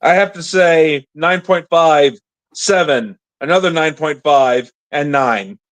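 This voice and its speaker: A man's voice: on the high side, takes it slowly, fairly bright tone. A man co-hosting a podcast in casual chat, easygoing and laughing along. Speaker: podcast co-host.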